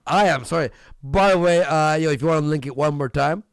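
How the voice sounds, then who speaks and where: A man's voice: on the high side, a little fast, gravelly, smooth, no echo, clean studio sound. A man hosting a livestream in a crude, joking way with frequent laughter. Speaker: livestream host. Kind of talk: casual livestream commentary.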